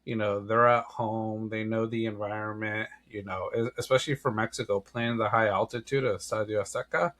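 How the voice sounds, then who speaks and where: A man's voice: lowish voice, steady tone, fairly quick, hardly any pauses, fairly bright tone. A man co-hosting a sports podcast, chatting casually about soccer predictions with frequent restarts. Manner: easygoing, frequent "yeah" and restarts. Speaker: podcast co-host.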